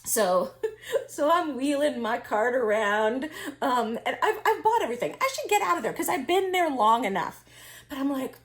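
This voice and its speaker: A woman's voice: high-pitched, lively intonation, normal speed. A woman reselling vintage finds tells a story in casual chat, laughing often and restarting her sentences. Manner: chatty, laughs often, many fillers and restarts.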